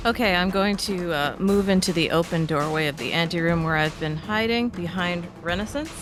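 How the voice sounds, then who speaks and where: A woman's voice: on the low side, normal speed, over music. A woman playing a tabletop game, talking casually about her character's moves. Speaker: player.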